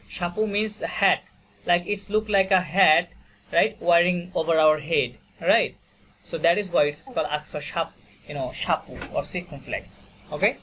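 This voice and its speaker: A man's voice: fairly high pitch, fairly bright tone, slight background noise. A man teaching French in an online class over a video call, patiently repeating words for students and filling his talk with "you know" and "okay". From Bangladesh. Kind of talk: online language lesson.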